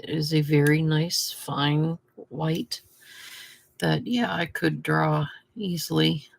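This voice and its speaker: A woman's voice: sits low, fairly even intonation, slow pace, gravelly. A woman hosting a craft video, chatting and muttering to herself while she paints. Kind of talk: casual talk while painting.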